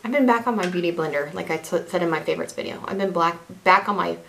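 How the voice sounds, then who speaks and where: A woman's voice: on the low side, fast talker, vocal fry, fairly bright tone. A young woman chatting casually through a makeup tutorial as a beauty vlogger, rambling, self-deprecating and restarting her sentences.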